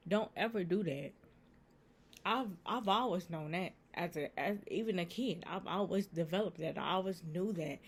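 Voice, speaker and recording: A woman's voice: on the low side, normal speed. A woman giving earnest, repetitive faith advice in a casual vlog, talking straight to her viewers. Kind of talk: casual Christian encouragement vlog.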